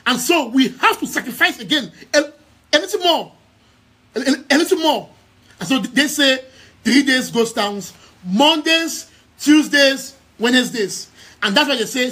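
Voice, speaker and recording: A man's voice: very high voice, lively intonation, moderate pace, sharp tone, husky. A young man with a Cameroonian English accent addresses his followers on a live stream, emphatic and repetitive, restarting his words often as an activist. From Southern Cameroons. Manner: emphatic, repeating key phrases, many stammered restarts. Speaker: activist and news outlet head.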